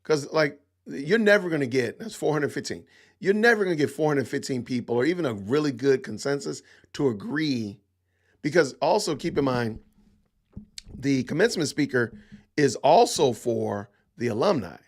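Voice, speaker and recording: Emphatic, gravelly-voiced man hosting a podcast. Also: medium pitch, animated, moderate pace. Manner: emphatic, rhetorical questions, repeats himself. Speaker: podcast host. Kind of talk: opinionated livestream commentary.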